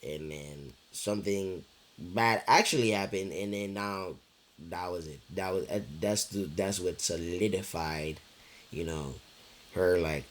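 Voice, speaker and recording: A young man with a low, deep voice tells a personal story straight to his audience. He talks slowly and loosely, circling back over the same words, and peppers it with fillers and swearing. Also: animated. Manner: rambling, repeats himself, heavy fillers and swearing. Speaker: vlogger. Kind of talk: casual storytelling chat.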